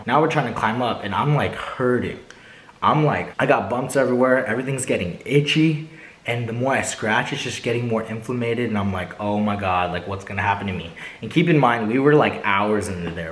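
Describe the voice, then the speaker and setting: A young man vlogging a casual storytime, animated and slangy, addressing viewers directly. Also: mid-range voice, echoey room, rough recording. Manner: animated, slangy, keeps saying bro and right.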